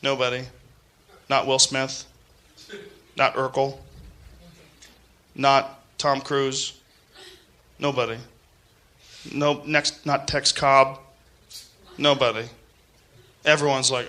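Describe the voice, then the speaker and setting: A man doing a stand-up comedy set, profane and ranting, swinging from shouting bits to low muttered asides. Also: flat delivery, slow, long pauses.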